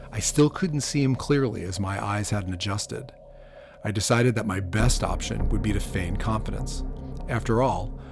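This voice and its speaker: A man narrating a first-person noir audiobook in a measured way, sometimes dropping to a hush. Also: lowish voice.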